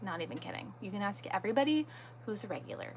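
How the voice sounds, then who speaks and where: In a casual live stream chat, a woman answers viewer comments as they appear, makes self-deprecating jokes and stays firm with pushy viewers. Her mid-range voice swings widely in pitch at a quick pace, with slight background noise.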